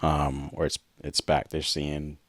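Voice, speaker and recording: A man's voice: extremely low pitch, completely flat delivery, slow, no echo. A man co-hosting a podcast, candidly telling a personal story in an earnest way and acting out past conversations. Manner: earnest, reenacts past dialogue. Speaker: podcast co-host.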